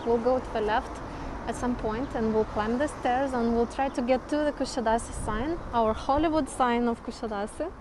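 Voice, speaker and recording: A woman narrates her hike up outdoor stairs in a casual, chatty way and laughs often. Her voice sits a little on the high side, and faint noise runs behind her. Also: steady tone, moderate pace, few pauses. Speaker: vlog host. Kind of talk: casual chat while hiking.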